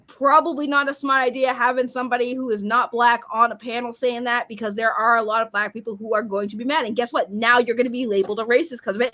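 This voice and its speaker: A woman talking candidly as a panelist on a discussion show, telling stories in an animated way. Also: a little high, fast talker, hardly any pauses.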